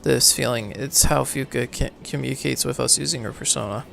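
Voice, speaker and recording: A man reading a game's story aloud for a let's play, halting and correcting himself, then signing off casually. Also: mid-range voice, creaky, over music. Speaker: let's player, reading game text. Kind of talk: reading game narration aloud, casual outro.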